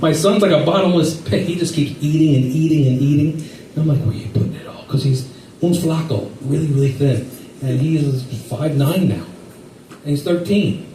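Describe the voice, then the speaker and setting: A man's voice: a little high, normal speed, dark tone, echoey room, distant mic, slight background noise, poor audio. A middle-aged man doing a rambling, self-deprecating stand-up set, acting out quotes along the way. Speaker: stand-up comedian.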